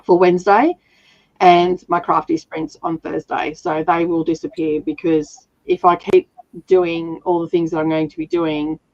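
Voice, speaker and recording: A woman's voice: lowish voice, flat delivery, a little slow, darkish tone, no echo, highs cut off. A woman hosting a livestream reading session, chatting casually and laughing often while nursing a sore throat. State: sore throat, slightly rough voice. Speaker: livestream reading sprint host. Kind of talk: casual chat.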